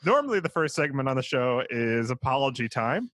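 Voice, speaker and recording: A man's voice: medium pitch, very animated, brisk, fairly bright tone, no echo, studio quality. A man co-hosting a podcast in casual chat, rambling with fillers and self-deprecating laughs. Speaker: podcast co-host.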